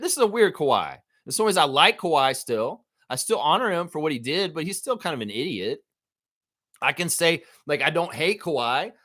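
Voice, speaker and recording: A man hosting a live basketball fan stream. He rants in a profane, animated way. His pitch swoops widely and sits a bit high. He delivers casual commentary throughout. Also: no room sound, clean studio sound. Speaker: sports stream host.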